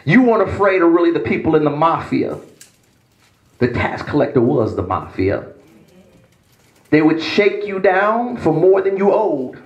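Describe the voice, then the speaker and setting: A male pastor preaches in a high, animated voice, swinging between a low hush and raised emphasis. His sermon rings through an echoey church sanctuary. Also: measured pace, long pauses, highs cut off.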